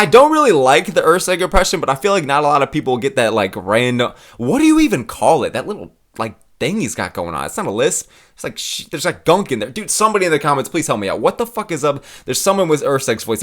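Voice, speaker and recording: A man's voice: mid-range voice, fairly bright tone. A young man hosting his channel in casual chat, swearing freely, laughing and tagging "all right?" onto lines. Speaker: channel host.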